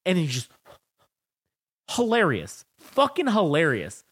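His voice is a little high and slightly rough, and he takes things slowly. As a podcast co-host, he recounts film scenes in animated, profane storytelling during a casual chat, performing the movie lines as he goes.

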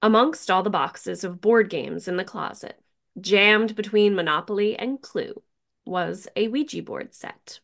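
A woman co-hosting a podcast, narrating a scripted story in an atmospheric way, dropping to a hush for suspense. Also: medium pitch, measured pace, gravelly, no echo, clean studio sound. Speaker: co-host.

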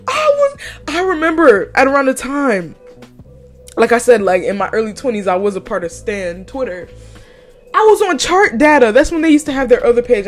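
A young woman hosting a podcast, chatting casually with lots of swearing and frequent laughter. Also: sits high. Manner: profane, animated, laughs often. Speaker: podcast host. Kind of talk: casual chat.

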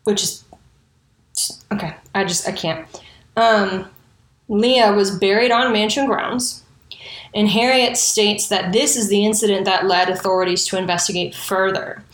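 A woman's voice: mid-range voice, unhurried, roomy sound. A woman telling a history story in a casual, profane way, with indignant and sarcastic asides. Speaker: true crime storyteller.

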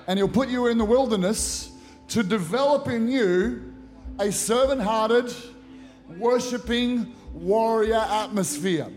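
A man's voice: sits high, a little slow, darkish tone, faint music behind. A middle-aged male pastor preaching a conference sermon into a handheld microphone, emphatic and acting out prayers. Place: large church auditorium at a conference.

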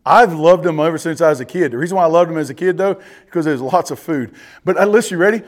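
A man, a pastor, preaching a sermon, often calling out to the congregation and swinging between loud emphatic passages and quiet, low asides. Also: fast. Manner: preaching with emphatic rises and drops, addressing the congregation directly.

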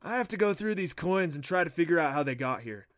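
A man's voice: fairly high pitch, expressive, fast, no room sound, pitched above the performer's own voice, lightly acted. A laid-back young assistant, as a man puts him on in an audiobook, casual and slangy. His voice is lifted and fuller, recorded close and dry. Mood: busy.

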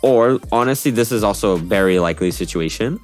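Lively low-voiced young man chatting. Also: fast talker, soft background music. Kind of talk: casual chat.

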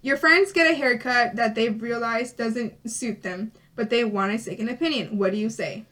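A young woman with a somewhat high voice reads out quiz questions in a casual vlog chat. She talks in a playful, giggly way. The mic sits some distance from her. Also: moderate pace, fairly bright tone. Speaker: vlogger.

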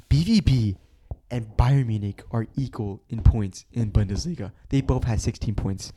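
A young man hosting a casual solo soccer podcast, excitable and rambling, swearing often as he reacts. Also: mid-range voice. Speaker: podcast host.

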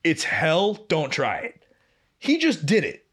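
Animated young man telling a story. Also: slow pace, breathy edge. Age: young adult. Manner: animated, swearing, acting out quoted lines with big pitch jumps. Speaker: podcast co-host. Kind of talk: casual storytelling chat.

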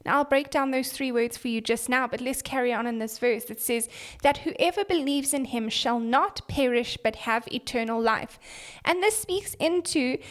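Bubbly high-voiced woman hosting a kids' podcast. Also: moderate pace. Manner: bubbly and upbeat, calls out to listeners. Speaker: children's pastor.

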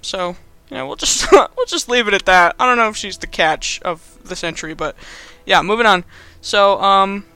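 A man's voice: high-pitched, lively intonation, moderate pace, pushed and bright, smooth, dry recording. A young man casually recapping a movie in a rambling, amused way, full of fillers. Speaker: host.

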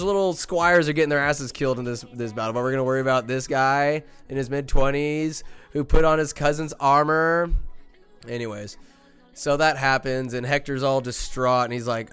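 A young man hosting a podcast, giving a casual, animated movie recap full of slang and acted-out quotes. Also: mid-range voice, fairly quick, clean tone, faint music behind. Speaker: podcast host.

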